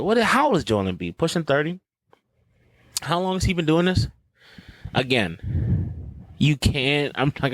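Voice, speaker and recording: A man's voice: mid-range voice, no echo, low-quality recording. A man hosting a podcast, ranting bluntly and profanely in casual sports talk. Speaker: podcast host.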